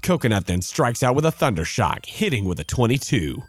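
A man giving scripted narration of a tabletop role-playing battle, lively and reading out dice rolls. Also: medium pitch, a little fast, breathy edge, faint music behind.

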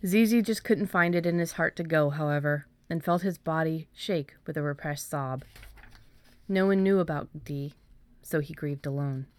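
Low-voiced woman reading her story. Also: dry recording. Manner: measured reading, hesitant with fillers when chatting. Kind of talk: storybook narration, then casual chat.

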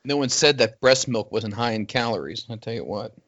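Animated man on a lo-fi podcast. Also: medium pitch, fairly quick. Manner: exclaiming, animated, exasperated. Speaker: podcast co-host. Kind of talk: casual podcast banter. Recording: dull lo-fi audio.

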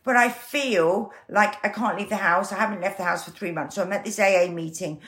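A woman's voice: medium pitch, fairly quick. A woman, a guest telling her story candidly and acting out the voices she quotes. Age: 50s. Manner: animated, acts out quoted voices.

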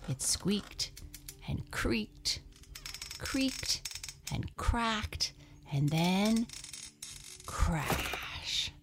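A woman reading a children's storybook aloud, slow and expressive, dropping into soft breathy asides. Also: medium pitch, faint music behind.

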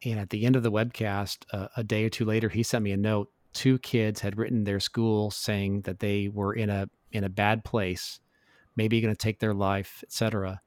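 A man's voice: lowish voice, little pitch movement, moderate pace, darkish tone, dry recording, studio quality. A middle-aged man speaking as a guest in a casual interview, telling his story in an earnest, reflective way. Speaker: podcast guest.

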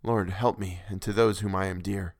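A man's voice: low-pitched, fairly even intonation, moderate pace, no room sound. A man narrating a classic novel in the first person with earnest, dramatic delivery, recorded on a close microphone.

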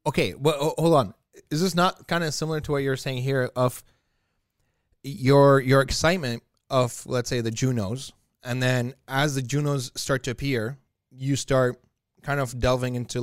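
A man in a relaxed conversation who rambles, restarts and hunts for the right words while he pushes back on his co-host. His voice is smooth and clear, and it is recorded dry and close. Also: medium pitch, no echo. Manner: rambling, searching for words, challenging. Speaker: podcast co-host. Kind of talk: casual chat.

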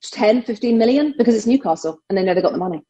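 A middle-aged woman from England speaks with an English accent in a relaxed radio conversation. Her voice sits a little high, and she talks in an animated way, often breaking into laughter. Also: racing, muffled recording. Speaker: sports broadcaster guest. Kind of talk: casual radio chat.

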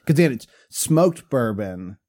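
A man's voice: mid-range voice, sing-song, slow pace, warm tone, dry recording. A man co-hosting a podcast in casual chat, rambling and restarting as he goes. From Pennsylvania. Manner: rambling, restarts often, laughs while telling stories. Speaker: podcast co-host.

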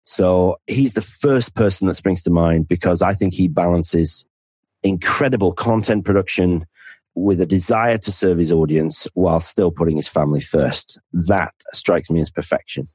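A low-pitched, slightly rough man's voice with a dark tone, moderate pace and no echo. The Northern English podcast guest, a financial planner, keeps the interview casual and chatty, often laughing at his own expense.

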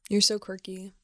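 A woman's voice: mid-range voice, bright, forceful tone, no room sound. Teasing young woman, dry close sound. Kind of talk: casual chat.

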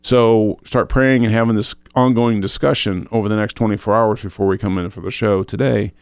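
A man's voice: lowish voice, steady tone, fairly quick, darkish tone, clear, resonant tone, no room sound. A man co-hosting a faith show, earnestly retelling a personal spiritual experience, quoting his own thoughts aloud with frequent restarts. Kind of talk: personal testimony in casual chat.

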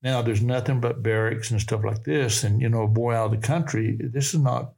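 A man's voice: mid-range voice, steady tone, brisk, creaky, darkish tone. An older man with a Southern US accent, telling folksy, rambling stories of his past as a podcast guest. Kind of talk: storytelling in a podcast interview.

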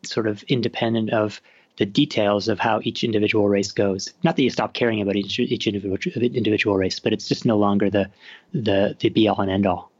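A man's voice: lowish voice, steady tone, brisk, darkish tone, breathy edge, no echo. Chatty Canadian man, dry dull sound. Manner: chatty, self-interrupting with restarts. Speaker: author guest. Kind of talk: casual interview talk.

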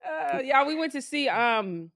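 A woman's voice: high-pitched, expressive, a little slow, vocal fry, fairly bright tone, dry recording, clean studio sound. A woman hosting a podcast in casual chat, teasing her co-host and telling stories with lots of laughter. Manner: teasing, laughing, chatty storyteller.

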